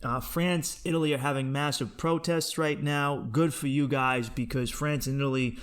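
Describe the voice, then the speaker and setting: A man's voice: mid-range voice, steady tone, moderate pace, clear, resonant tone. Profane riffing male comedy podcast host. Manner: profane, riffing, laughing at own jokes. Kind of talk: comedic monologue.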